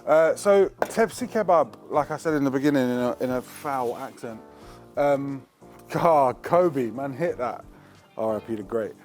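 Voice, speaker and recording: A man's voice: mid-range voice, unhurried, darkish tone, faint music behind. A man hosting a cooking show, talking in a slangy, chatty, joking way while he cooks in a kitchen. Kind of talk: casual cooking demonstration.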